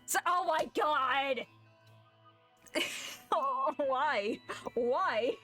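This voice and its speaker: Woman, streamer, reads game text aloud, swears and laughs in bursts, somewhat high voice, quiet music underneath. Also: expressive, extremely slow, pauses often. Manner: reads lines aloud, then swears and laughs in loud shocked outbursts.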